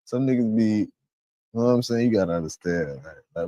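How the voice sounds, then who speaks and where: A man's voice: fairly low pitch, brisk, dark tone, no room sound, dull audio. A man hosting a stream who gives rambling, profane reaction commentary and sometimes gropes for words. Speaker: stream host.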